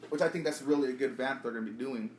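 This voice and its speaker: Fast-talking man in an echoey room. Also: mid-range voice, slight background noise. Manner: rapid, profane comic-book recap. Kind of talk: casual podcast chat.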